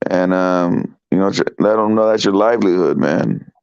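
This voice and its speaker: Man, low gravelly voice, hoarse and sick, emphatic, muffled lo-fi audio. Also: moderate pace, a little mellow. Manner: slangy, emphatic, motivational. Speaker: trucker guest. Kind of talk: casual livestream chat.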